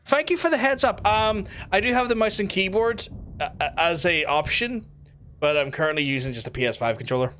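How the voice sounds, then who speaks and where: Streaming a game, a man from Northern Ireland rambles chattily and swears freely in casual live-stream commentary. His voice sits high, expressive, fairly quick, pushed and bright. A little hiss or hum can be heard.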